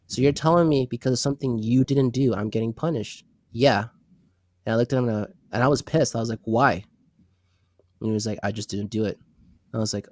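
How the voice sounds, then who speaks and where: A man's voice: mid-range voice, dry recording, studio quality. A man co-hosting a podcast, telling a work story in a casual rant, acting out the quoted lines and swearing, sounding sick and congested. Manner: animated retelling, acts out quoted dialogue, swears. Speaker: podcast co-host.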